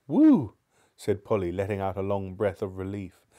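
A man's voice: deep voice, flat delivery, fairly quick, dark tone. A man reading a children's novel aloud live, sometimes stumbling and restarting lines. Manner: stumbles and restarts, apologizes to viewers. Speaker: book reader.

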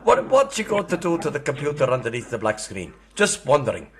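A man's voice: fairly high pitch, wildly swooping pitch, quick pace, a crowd in the background. Foul-mouthed older Australian man, mocking. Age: 60s. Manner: foul-mouthed, mocking, bursts into furious shouting. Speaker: scam baiter. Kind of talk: crude prank call.

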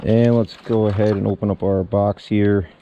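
A man in a casual how-to vlog, explaining step by step in a relaxed way while he works on his truck outdoors. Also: fairly low pitch, moderate pace, lo-fi sound, background noise. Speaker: small business owner showing a truck equipment setup.

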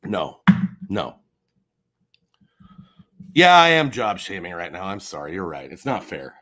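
A man's voice: low-pitched, wildly swooping pitch, a little slow, pushed and bright. A man ranting on a live stream in a heated, profane and confrontational way. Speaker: livestreamer.

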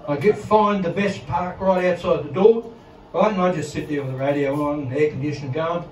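A man's voice: a little high, fairly quick. A middle-aged Australian man doing crude, rambling stand-up comedy in a casino comedy room, swearing constantly and laughing at his own jokes. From Victoria, Australia. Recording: roomy live recording from a distance, loud crowd.

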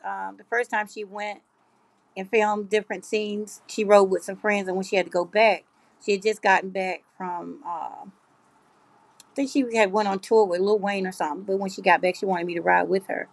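Woman, middle-aged, live craft stream host, casual chatter with viewers, mid pitch, dry sound. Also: gravelly, dry recording. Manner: chatty, talks straight to viewers and reads out comments. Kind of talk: casual livestream chat.

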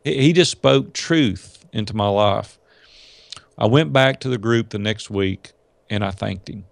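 Folksy man, gravelly voice. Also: on the low side, unhurried, no echo. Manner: folksy, animated storyteller acting out quotes. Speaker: podcast guest, entrepreneur. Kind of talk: storytelling in a casual interview.

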